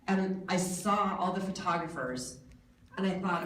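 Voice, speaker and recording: An American woman in her forties gives a keynote speech to a crowd in a hotel hall, with a voice that sits a little low for a woman. She tells her story in a jokey way and pokes fun at herself. She is heard from some way off the mic, and the hall gives her voice a lot of echo. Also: measured pace, a bit bright, slight background noise. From United States. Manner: jokey, self-mocking storytelling. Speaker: guest speaker. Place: large hotel event hall. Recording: echoey hall from a distance.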